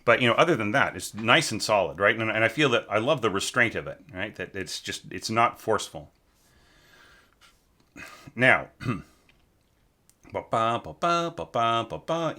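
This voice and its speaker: Acting as a teacher, a man critiques a student's orchestral score aloud in a fairly low, bright voice. He reasons as he goes, repeatedly asks "right?", and scats passages in quick nonsense syllables.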